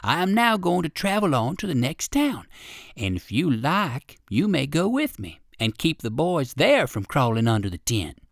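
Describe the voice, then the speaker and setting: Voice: medium pitch, sing-song, normal speed, vocal fry, no room sound. A friendly show monkey talks politely and gratefully, with a voice that rises and falls, as the narrator plays him. It is a storybook voice, recorded dry and close.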